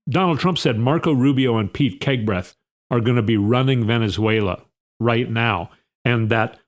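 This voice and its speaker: Blunt, sarcastic man talking politics. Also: medium pitch. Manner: blunt, sarcastic, scornful asides. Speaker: political commentary host. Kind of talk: casual political monologue.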